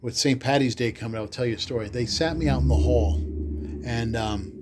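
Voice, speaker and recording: A man, a podcast guest telling loud, animated stories in casual chat, cursing freely and acting out the people he quotes. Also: mid-range voice, a little fast, noisy background. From the Bronx, New York. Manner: animated, swears freely, acts out quotes loudly. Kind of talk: casual storytelling.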